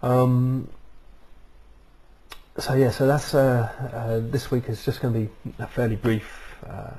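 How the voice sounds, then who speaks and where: Talking to a webcam for his video blog, a man rambles casually, using many "um"s and "uh"s. His mid-range voice is mellow and steady, and he speaks at a slow pace through the webcam mic.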